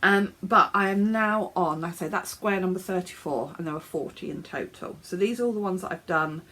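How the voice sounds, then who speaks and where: A woman's voice: on the low side, brisk, pushed and bright. An English woman hosting a knitting podcast, sounding a bit snuffly and chatting casually from her home office with fillers and small laughs. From England. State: snuffly, coughing. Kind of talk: casual show-and-tell chat.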